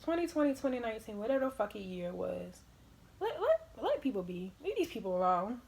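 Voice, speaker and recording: A young woman vlogger telling casual stories in an animated way, laughing often and swearing freely. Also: fairly high pitch, fast, vocal fry. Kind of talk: casual storytime.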